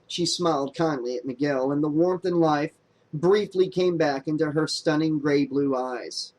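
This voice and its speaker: A man narrating an audiobook in a steady, plain storytelling voice. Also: on the high side, measured pace, poor audio.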